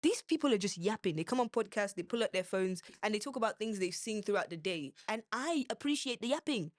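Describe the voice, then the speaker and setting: A woman's voice: mid-range voice, expressive, fairly quick, no room sound. Young woman, playful rambling, dry recording. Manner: rambling, playful, slips between accents. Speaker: podcast co-host. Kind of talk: casual podcast chat.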